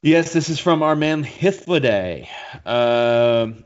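A man's voice: medium pitch, lively intonation, slow pace, highs cut off. A man co-hosting a podcast in casual chat, reading listener mail and searching things up aloud. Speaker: podcast co-host.

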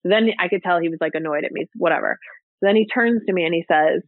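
A woman's voice: lowish voice, fast talker, dry recording. Chatty woman guest on a tinny line. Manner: chatty, fills speech with "like" and "you know". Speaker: podcast guest. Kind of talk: casual storytelling in an interview. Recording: tinny phone-like line, dry.

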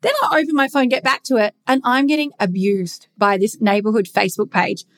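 A woman's voice: a little high, steady tone, a little fast, fairly bright tone. A young woman talking bluntly in a casual confessional monologue, swearing freely as she rants.

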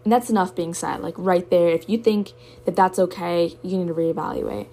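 A woman's voice: on the low side, fairly even intonation, moderate pace, mellow. Emotional young woman's candid monologue. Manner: emotional, candid, swears often. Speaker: podcast host. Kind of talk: personal monologue.

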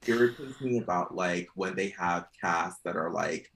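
A man joining a casual chat, expressive and giggly, gossiping. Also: low voice, moderate pace, gravelly.

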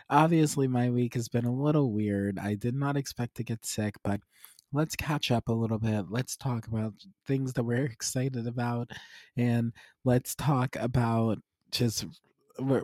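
A man hosting his podcast in a casual, rambling chat, hoarse, raspy and congested from being sick, with laughs between phrases. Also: mid-range voice, dark tone, no room sound. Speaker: podcast host.

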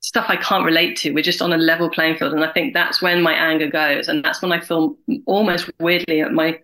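A woman in her forties, a guest in a candid interview, talking in an animated way and acting out other people's lines. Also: deep voice, fairly quick, rough recording. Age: 40s. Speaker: guest, carer and writer.

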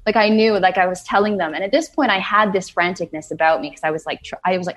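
A woman's voice: mid-range voice, fast talker, few pauses. Earnest woman telling a personal story. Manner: earnest, frequent "like" fillers, acts out her own quoted words.

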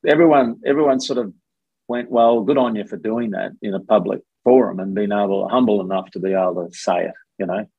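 Husky-voiced Australian man, low. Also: fairly quick, no echo, phone-quality sound. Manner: rambling anecdotes with many fillers. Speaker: guest, former contestant. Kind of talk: casual storytelling interview.

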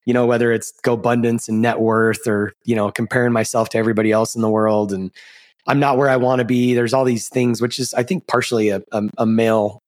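A man's voice: mid-range voice, little pitch movement, brisk. A man co-hosting a podcast, talking candidly and loosely, swearing casually. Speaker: podcast co-host.

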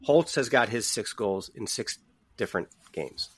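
A man on a casual sports podcast, measured as he walks through numbers. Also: fairly low pitch, animated, dry recording.

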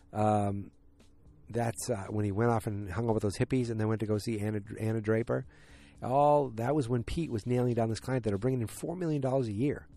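A man's voice: medium pitch, dark tone. A man casually recapping a TV episode, rambling with many fillers and restarts, and speeding up at the tense parts. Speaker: TV show recapper.

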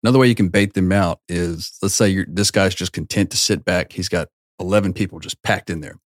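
A man's voice: sits low, a little fast, dry recording, studio quality. A man co-hosting a casual podcast, talking emphatically and giving advice with some swearing. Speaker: podcast co-host. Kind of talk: casual chat.

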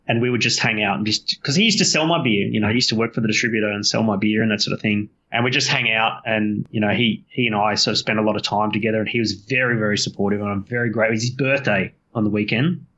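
A man's voice: on the low side, fairly even intonation, fast talker, hardly any pauses, a bit bright, dull audio. An Australian man telling his story as a podcast guest, rambling, swearing and correcting himself often. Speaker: guest brewer.

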